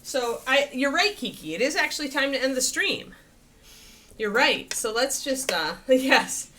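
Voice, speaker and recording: A woman's voice: expressive, measured pace, bright, forceful tone, a little hiss or hum. A woman hosting a casual miniature painting livestream, chatting freely with viewers and breaking off to talk to her dog. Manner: chatty, talks to her dog in a high sing-song voice.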